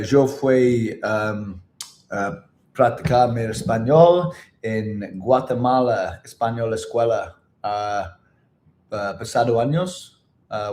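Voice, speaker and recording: Chatty Welsh man, mellow voice. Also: lowish voice, echoey room, a little hiss or hum. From Wales. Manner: chatty, reads out viewer comments, tries halting Spanish. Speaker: vlogger on a livestream. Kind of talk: casual livestream chat. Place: indoors in Bangkok.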